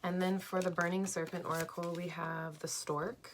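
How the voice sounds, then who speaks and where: A young woman reading tarot cards for her viewers at home, slow and dreamy but enthusiastic, with lots of "like"s. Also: fairly low pitch, flat delivery, noisy background. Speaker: tarot card reader. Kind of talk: pick-a-card tarot reading.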